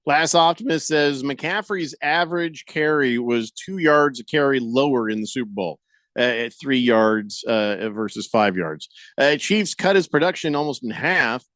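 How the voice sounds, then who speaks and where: A man's voice: medium pitch, animated, unhurried, a bit bright, dry recording, studio quality. A male sports radio host with a wry, joking way of telling stories, reading out listener messages on air.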